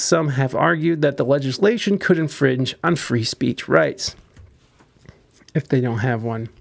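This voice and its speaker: Podcast host, man, gravelly edge, rambling and profane with lots of restarts. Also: on the high side. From United States. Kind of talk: casual commentary on news.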